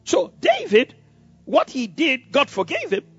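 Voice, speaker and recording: An emphatic male pastor preaches with a high, husky voice that swings widely in pitch. He laughs often. The recording is dull and lo-fi, with faint music behind him. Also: wildly swooping pitch, a little slow, no room sound. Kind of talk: sermon.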